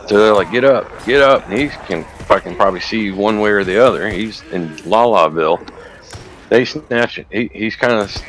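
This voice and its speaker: A man's voice: lowish voice, normal speed, a bit bright. A man casually retelling a story while gaming, rambling and profane. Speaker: gamer recounting a news video.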